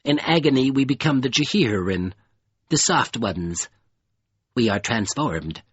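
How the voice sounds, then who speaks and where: A man voicing a fearful, pleading creature of living mud in an audiobook, with a cold, dusky, halting voice. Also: medium pitch, expressive, breathy edge, dry recording, muffled recording. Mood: mournful. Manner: halting, grave, faltering. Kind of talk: audiobook character voice.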